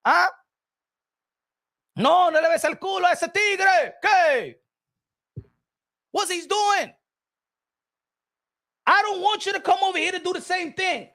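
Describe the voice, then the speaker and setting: Guy yelling about boxing, high bright voice, dry room. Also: a little slow, long pauses, no room sound. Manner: loud, profane, switching into Spanish. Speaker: boxing commentator. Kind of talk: ranting boxing commentary.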